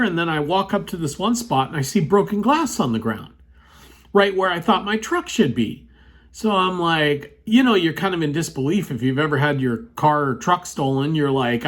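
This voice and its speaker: Rambling man telling a story. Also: fairly high pitch. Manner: rambling, many "you know" fillers. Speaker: vlogger telling a personal story. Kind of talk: casual storytelling. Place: at a computer, indoors.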